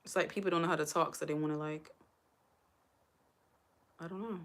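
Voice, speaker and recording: A woman talks straight to her livestream viewers in a chatty, emotional way. Her voice sits a little low, and she sounds close to tears. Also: fairly even intonation, fairly quick. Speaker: livestream host. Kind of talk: casual livestream chat.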